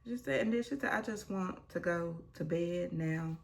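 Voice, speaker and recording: A woman's voice: fairly low pitch, normal speed, vocal fry. A woman hosting a casual recap vlog, retelling a reality show scene with blunt asides and acting out the quotes.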